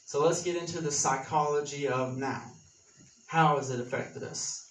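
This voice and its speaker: A young man gives a relaxed, chatty sermon, mixing quick jokes with quoted scripture. His voice sits a little high, and it comes from well back from the mic in a reverberant church hall. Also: a little hiss or hum. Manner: conversational, jokey asides, quotes scripture. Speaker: preacher. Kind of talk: casual sermon teaching. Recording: roomy, distant from the mic.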